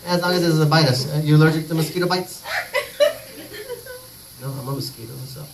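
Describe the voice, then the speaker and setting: A man's voice: on the high side, a little fast. A man doing a rambling, crude stand-up comedy set full of profanity on a comedy club stage. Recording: distant mic, noisy live recording.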